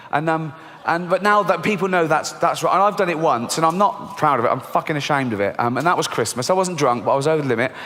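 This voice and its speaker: On a large theatre stage in front of an audience, a middle-aged man from England does a stand-up set, telling stories bluntly and swearing often. He animates his tales with squeaky high voices for children, and the live recording carries a long hall reverb.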